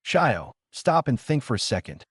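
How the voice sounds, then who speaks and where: A man's voice: medium pitch, big pitch swings, normal speed, breathy edge, no room sound, clean studio sound, voice pushed up. A man voicing a serious teenage boy ninja who lectures bluntly, in a storybook reading. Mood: stern.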